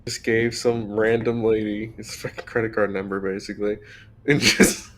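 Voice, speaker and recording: A man's voice: lowish voice, little pitch movement, normal speed, a little hiss or hum. A man playing a tabletop game, bantering in a profane, jokey way and laughing often. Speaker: player.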